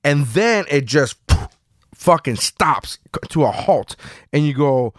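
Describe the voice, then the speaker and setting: A man co-hosting a podcast, telling a story in a profane, animated, casual way. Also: on the high side, slow, dry recording, clean studio sound. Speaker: podcast co-host.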